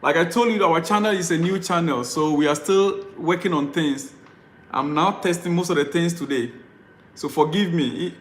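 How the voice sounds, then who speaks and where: A man's voice: fairly high pitch, moderate pace, fairly bright tone, roomy sound. A man live-streaming as a football fan vlogger, ranting and pleading, repeating himself in exasperation.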